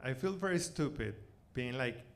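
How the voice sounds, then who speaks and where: A man in his forties from Venezuela with a Spanish accent, performing a self-mocking stand-up set on a theater stage, loud one moment and muttering the next. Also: medium pitch, normal speed. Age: 40s. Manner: animated, self-mocking, swings between loud outbursts and mutters. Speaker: stand-up comedian.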